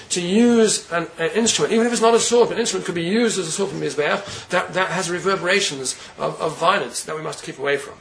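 Man, rabbi lecturing, gravelly with a faint noise floor behind. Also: high-pitched, fairly bright tone, low-quality recording. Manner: earnest, repeats words while searching, Hebrew terms. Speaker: rabbi giving a Torah class. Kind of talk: Torah lecture.

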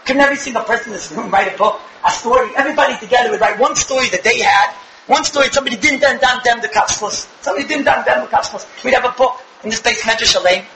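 A young man giving an animated religious lecture to a live audience, firing rhetorical questions with bursts of shouting. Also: very high-pitched, quick pace, echoey room, slight background noise, low-quality recording. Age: young adult. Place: room with an audience.

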